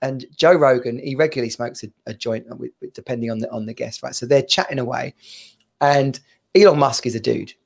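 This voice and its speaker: A man in his thirties co-hosting a casual chat show, telling stories in an animated way and laughing often. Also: mid-range voice, brisk, creaky. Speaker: podcast co-host.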